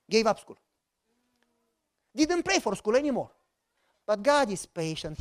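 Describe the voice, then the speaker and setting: A middle-aged man with a Romanian accent, preaching a sermon as a lively, joking storyteller who acts out the dialogue. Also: sits high, measured pace, pauses often. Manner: animated, jokey, acts out dialogue. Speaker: pastor.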